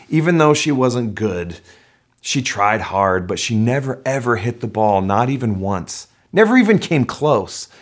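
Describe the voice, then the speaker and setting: Animated male preacher telling a story. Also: on the low side. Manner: animated storyteller, shouting the crowd's cheers. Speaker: pastor. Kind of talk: sermon storytelling.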